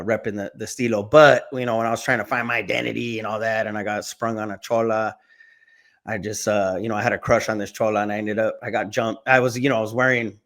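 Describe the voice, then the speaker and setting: A man, a guest casually telling a story in a slangy, laid-back way. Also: on the low side. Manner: laid-back, slangy, animated when acting out quotes.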